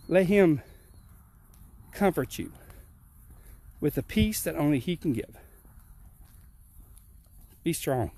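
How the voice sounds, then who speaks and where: A man with a high voice preaches in steady, repeating phrases as he walks uphill outside. He sounds slightly out of breath, speaking into a handheld phone. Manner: earnest, repetitive preaching cadence. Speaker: pastor. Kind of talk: outdoor livestream devotion. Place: outdoors on a rural hill.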